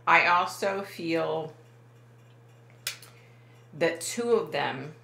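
A woman with a deep yet bright, forceful voice talks as a psychic medium. She rambles and keeps restarting her sentences in a chatty monologue. The room around her sounds roomy and echoey. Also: animated, drawn-out words, vocal fry, slight background noise. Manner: rambling, self-correcting, many fillers. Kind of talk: casual monologue to camera.

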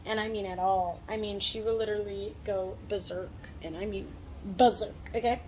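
A woman's voice: medium pitch, steady tone, normal speed, a little mellow, a little hiss or hum. A young woman in her twenties chatting casually to camera, rambling with frequent fillers and little laughs. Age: 20s. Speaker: vlogger.

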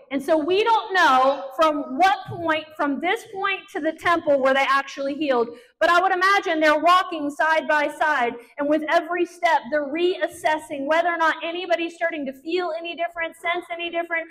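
A woman preacher delivering a sermon, telling Bible stories in an animated way and acting out the characters' lines. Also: very high voice, normal speed, poor audio. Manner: animated storytelling, acts out Bible characters' dialogue.

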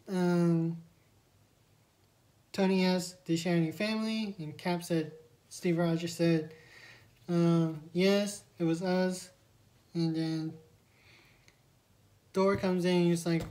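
A woman's voice: lowish voice, a little mellow. A woman giving a rambling, scene-by-scene spoiler review of a film, acting out quoted lines as she recaps. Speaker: movie reviewer.

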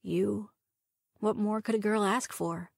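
A woman reader voicing a playful, quick-witted young woman who teases her lover. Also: medium pitch, steady tone, creaky, no room sound, studio quality.

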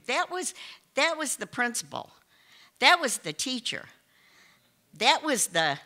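A woman's voice: mid-range voice, bright, forceful tone. A woman telling a personal story on stage to a live audience, chatty and emphatic with many asides and restarts.

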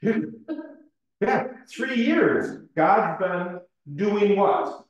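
A man's voice: high voice, big pitch swings, drawn-out words, creaky. A man leading an adult Bible study class in a church room, talking conversationally, asking questions and using frequent ums. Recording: roomy echoing room.

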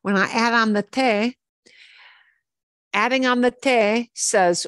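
Slow, patient woman teaching Spanish. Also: a little high, a bit bright, no room sound. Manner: patient, repeats words slowly for learners; switches between English explanation and Spanish examples. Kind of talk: online language lesson.

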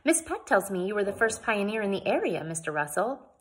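A woman reading aloud and voicing a genteel, cheerful pioneer lady who speaks formally and politely, with a breathy voice. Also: mid-range voice, sing-song, a little fast. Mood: gracious.

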